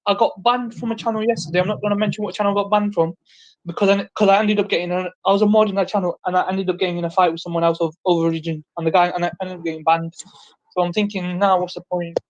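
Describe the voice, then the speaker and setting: A man with a light, high voice, chatting eagerly on an online panel and asking for advice. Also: racing, no room sound. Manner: excitable, keeps asking for advice. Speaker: panel participant. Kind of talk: casual online chat. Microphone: online voice chat. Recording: dry, slightly dull online audio.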